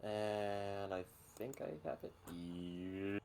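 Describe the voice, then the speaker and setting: A man's voice: low voice, level tone, extremely slow, a little mellow, a little hiss or hum. A man running a tabletop game as game master, chatting and laughing easily with his players over a voice call.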